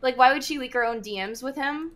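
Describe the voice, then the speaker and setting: A woman's voice: high-pitched, fast talker, crowd noise. A woman talking casually on a stream, chatty and hedging, laughing between remarks.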